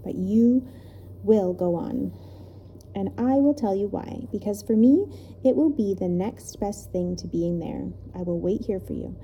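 A woman voicing a brave, gentle old male professor in a storybook reading, speaking in a measured, formal way. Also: medium pitch, expressive, lo-fi sound, slight background noise.

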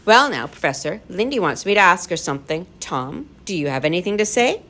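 A woman voicing a brave young boy chatting to keep everyone calm in a storybook reading. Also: lowish voice, brisk, full character voice. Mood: eager.

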